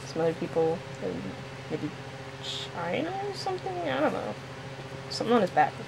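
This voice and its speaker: A woman's voice: medium pitch, sing-song, normal speed, gravelly. A young woman casually making up the story of a comic, giggling and rambling. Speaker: commentator improvising a comic's story. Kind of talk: casual playful commentary. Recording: noisy home recording.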